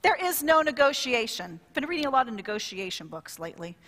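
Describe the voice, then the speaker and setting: A woman pastor preaching a sermon in a lively, conversational way, drawing call-and-response from the congregation. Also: sits high, fast, big-room sound.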